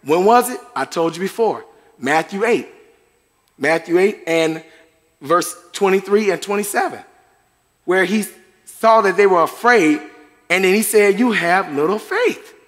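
A middle-aged pastor preaches to his congregation in a church sanctuary, chatty and conversational, tossing in chuckles and asides. His voice is high-pitched, animated and fairly bright, a little slow, with frequent pauses. The recording carries a long hall reverb.

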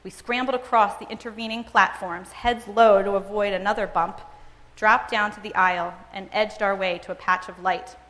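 A woman's voice: mid-range voice, steady tone, a bit bright. Woman reading aloud in a reverberant hall. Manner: measured, dramatic storytelling. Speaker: reader and speaker. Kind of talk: expressive first-person book reading. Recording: long reverb, as in a large hall.

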